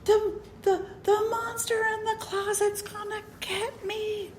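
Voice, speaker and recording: A woman voicing a frightened six-year-old girl in a shrill, panicky way. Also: huge pitch swings, extremely slow, echoey room, slight background noise, exaggerated voice. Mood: terrified.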